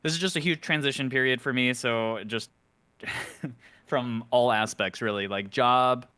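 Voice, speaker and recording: A man's voice: mid-range voice, a little slow, bright, forceful tone, clear, resonant tone, dry recording. A man sharing his week in a group session over a video call, chatty and laughing between phrases. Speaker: group member. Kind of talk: casual check-in.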